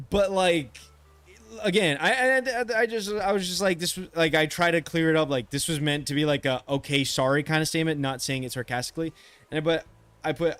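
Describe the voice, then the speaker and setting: A man's voice: a little high, a bit bright. A man streaming a game, venting in a rambling, frustrated way with many restarts and frequent swearing. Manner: swears freely. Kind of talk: casual chat while streaming.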